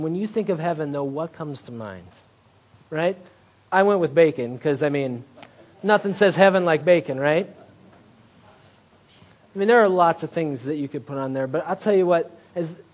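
High-voiced man preaching a chatty sermon. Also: a little mellow. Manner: conversational, tag questions like "right?"; self-deprecating humor. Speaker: pastor.

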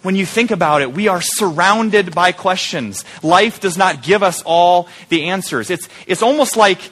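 A man preaching an Easter sermon in a conversational, animated way, with many rhetorical questions. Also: high voice, normal speed. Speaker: pastor.

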